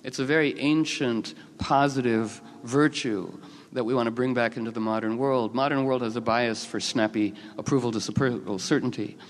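A man telling rambling, expressive stories, with many fillers and restarts. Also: mid-range voice, moderate pace. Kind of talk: casual storytelling talk. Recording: long hall reverb.

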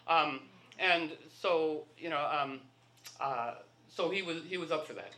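Bright-voiced man telling rambling anecdotes. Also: fairly high pitch, unhurried. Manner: rambling, acts out dialogue in anecdotes. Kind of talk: anecdotal storytelling talk. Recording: echoey room.

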